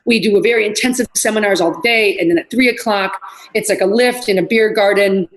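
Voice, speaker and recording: A middle-aged woman, a fitness trainer, telling lively stories in a casual podcast chat and acting out what people said. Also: medium pitch, fairly quick, poor audio. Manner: animated storyteller, acts out quotes.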